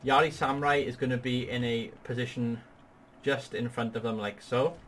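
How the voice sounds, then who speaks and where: A man's voice: mid-range voice, fairly even intonation, moderate pace, fairly bright tone, slight background noise. A man hosting a gaming video, patiently walking a partner through a strategy battle with upbeat, explanatory commentary. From Wales. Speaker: gaming channel host. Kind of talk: strategy game tutorial commentary.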